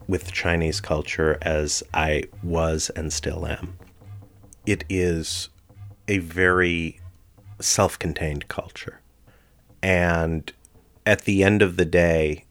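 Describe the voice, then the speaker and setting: Low-voiced man telling his story. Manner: animated storyteller, voices people in quotes. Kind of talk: personal storytelling and performed tales.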